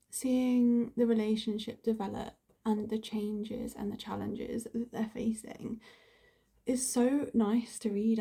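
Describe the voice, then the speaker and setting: A woman book vlogger chats into her phone in a loose, rambling way, with lots of "like". Her voice is fairly high but mellow and a little husky, with a gravelly fry at the ends of phrases. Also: no room sound. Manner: chatty and rambling, with frequent "like". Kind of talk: casual vlog chat.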